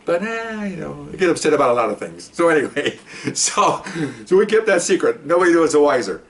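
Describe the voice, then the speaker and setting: An older man, a retired police officer, telling a story in a casual, animated way and acting out the people he quotes. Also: on the high side, fairly quick. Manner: animated, acts out quoted voices.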